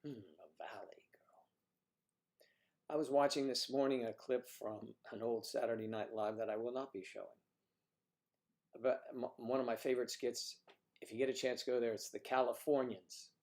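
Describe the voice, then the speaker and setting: A man hosts a casual livestream and reacts to his viewers' comments as they come in. His delivery is loose and rambling, full of teasing asides and throwaway jokes. His voice sits at an ordinary middle pitch for a man. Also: fairly even intonation, a little fast, a little mellow. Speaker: livestream host.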